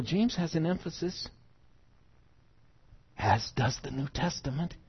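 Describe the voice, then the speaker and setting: Male pastor, husky voice, sermon that swells from quiet to loud, muffled recording. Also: fairly high pitch. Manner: builds from quiet teaching to loud emphatic preaching. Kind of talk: expository sermon.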